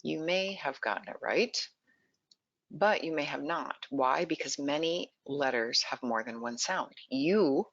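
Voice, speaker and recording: Living in Texas, a presenter with a mid-range voice guides an online webinar on early literacy, keeping her tone bright and forceful. She explains patiently and often poses questions to the audience. The recording is dry and close, a little dull and lo-fi.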